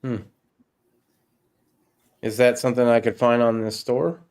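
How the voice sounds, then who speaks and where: A man, talking easily in a casual chat. His voice sits at a middling pitch, and he drifts between mumbles and sudden bursts, laughing and cursing as he goes. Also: little pitch movement, a little slow, darkish tone, smooth. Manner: laid-back, swears freely, laughs often. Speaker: podcast host.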